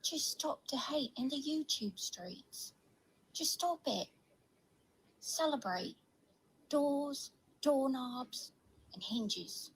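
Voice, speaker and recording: A woman voicing a grumbling female kangaroo vlogger with a put-on Australian accent, talking in a slow, rambling drawl from a played-back video clip. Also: high-pitched, lively intonation, slight background noise, full character voice, rough recording. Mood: complaining.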